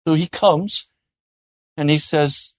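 Slow, earnest male preacher. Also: fairly high pitch, fairly even intonation, no echo, studio quality. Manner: earnest, drops to soft gentle tones. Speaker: pastor. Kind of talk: sermon.

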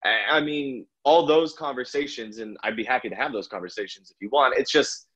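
A man co-hosting a casual sports chat who chuckles often and talks in a halting way, with fillers. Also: medium pitch, a bit bright, breathy edge, highs cut off. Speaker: podcast co-host, pitchside reporter.

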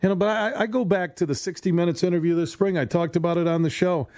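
Male sports radio host, slightly high-pitched, dry close studio mic, sarcastic rambling solo talk. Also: steady tone, quick pace, a little mellow, no echo. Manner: rambling, sarcastic, stumbling restarts. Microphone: studio microphone.

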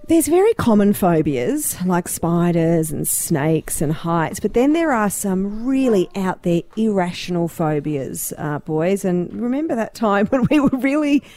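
Lively woman radio co-host. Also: medium pitch, no room sound. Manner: chatty, quick to laugh. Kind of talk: breakfast radio banter.

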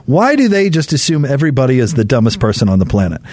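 A man co-hosting a sports radio show, animated and incredulous, quick to laugh in casual banter. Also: medium pitch, dry recording.

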